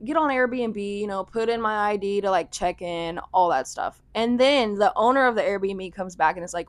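A woman's voice: medium pitch, a little fast, few pauses, no echo. A young woman telling a rambling vlog story in a chatty, casual way, full of "like". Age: young adult. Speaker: vlogger.

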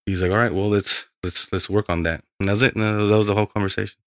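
Gravelly fast-talking young dude rambling and cussing, dry close mic. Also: male voice, lowish voice, steady tone, no echo. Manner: rambling, heavy swearing. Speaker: podcast guest. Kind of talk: casual storytelling.

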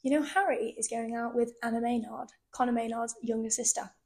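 A woman's voice: a little high, steady tone, a little fast, darkish tone. A young woman co-hosting a podcast, chatty and gossipy. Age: young adult. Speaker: podcast co-host. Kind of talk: casual chat.

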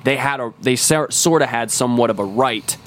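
A man with a mid-range voice, talking a little fast, co-hosts a podcast. He casually lays out a game's story at length, swearing heavily and restarting his sentences as he rambles.

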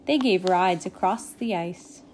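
Gentle woman reading a storybook. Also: fairly low pitch, unhurried, a little hiss or hum. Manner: gentle, expressive. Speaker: storybook reader. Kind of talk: reading a children's storybook aloud.

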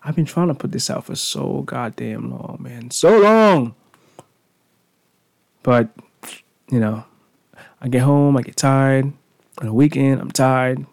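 A man's voice: medium pitch, steady tone, measured pace, creaky, darkish tone. A man in his thirties hosting his own podcast alone on a studio mic, rambling and self-mocking, swearing freely. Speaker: podcast host. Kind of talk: casual solo podcast monologue.

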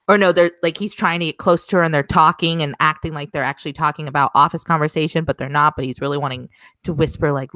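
A woman with a low voice co-hosting a casual podcast. She retells scenes from a series in an unhurried, easygoing way. The recording is dry and close. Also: a bit bright, dry recording. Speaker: podcast co-host.

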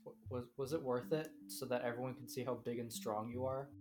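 A man's voice: mid-range voice, fairly even intonation, fairly quick. A man co-hosting a podcast, chatting casually and teasing with dry, exaggerated jokes. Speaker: podcast co-host. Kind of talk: casual chat.

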